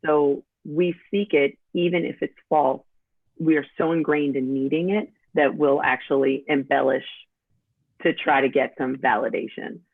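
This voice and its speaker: A woman's voice: low-pitched, fairly even intonation, normal speed, creaky, husky, no echo. A woman from New York with a New York accent, a guest talking in a chatty, straightforward way in a casual interview. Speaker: podcast guest. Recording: tinny phone-like line.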